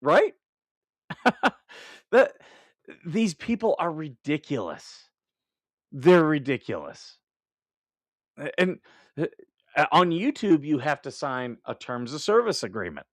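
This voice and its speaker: A man's voice: a little high, big pitch swings, slow pace, pauses often, no room sound, studio quality. Ranting male live-stream host. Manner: ranting, laughs often, rambling restarts. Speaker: livestream host. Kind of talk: casual live-stream commentary.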